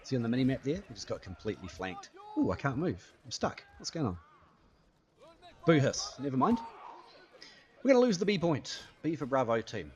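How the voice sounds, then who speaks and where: A man's voice: mid-range voice, big pitch swings, fairly quick, a little mellow, dull audio. A man giving casual live commentary over his own gameplay, chatty and playful, tossing in sound effects and running remarks. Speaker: gaming YouTuber.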